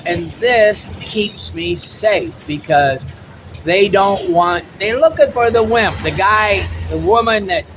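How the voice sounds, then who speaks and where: Blunt american guy, middle aged, rambling and repeating himself, high-ish voice, cars noisy in the background. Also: slow. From United States. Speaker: travel vlogger. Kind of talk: opinionated monologue.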